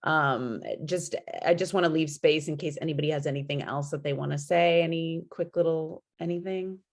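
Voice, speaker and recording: A woman's voice: low-pitched, fairly even intonation, normal speed. A woman from California hosting a panel on a video call, talking effusively and gratefully. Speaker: host. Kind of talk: facilitating a panel discussion.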